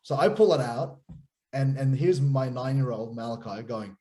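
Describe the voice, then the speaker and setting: A man in his thirties with an Australian accent, a pastor guest chatting casually and telling animated stories with many restarts. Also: mid-range voice, normal speed. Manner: animated storyteller, repeats and restarts words. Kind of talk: casual chat.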